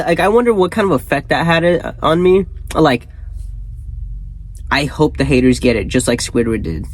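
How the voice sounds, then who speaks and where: A man hosting a channel, reading a horror story aloud and breaking off into rambling, excitable comedic tangents. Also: on the high side, rough recording. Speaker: host.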